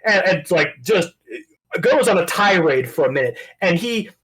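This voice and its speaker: GM: husky man, lively delivery, rambling narration of an online tabletop game. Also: high-pitched, moderate pace. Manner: animated, rambling, self-correcting. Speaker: game master.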